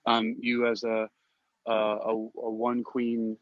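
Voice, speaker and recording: A man's voice: medium pitch, completely flat delivery, takes it slowly, dry recording. Man hosting, dull dry sound. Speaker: interview host. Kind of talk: casual interview.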